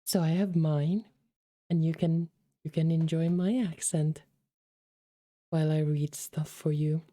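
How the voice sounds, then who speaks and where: Woman game streamer, casual and affectionate, keeps calling viewers darlings. Low, dark tone. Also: steady tone, measured pace, dry recording, clean studio sound. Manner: chatty and affectionate, calls the chat darlings. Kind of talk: casual livestream chat while reading a game.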